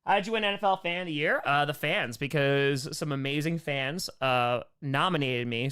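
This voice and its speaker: Fielding superchats on a livestream, a young man from New York reads out donors and chats loosely and cheerfully, offering quick thanks. His voice is mid-range, fairly bright and smooth.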